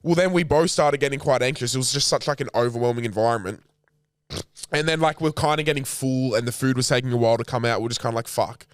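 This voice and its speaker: A young man telling a story on a casual podcast, animated and full of swearing. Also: mid-range voice, fast, smooth, no room sound, studio quality. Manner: animated, swears often, acts out what others said. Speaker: podcast co-host.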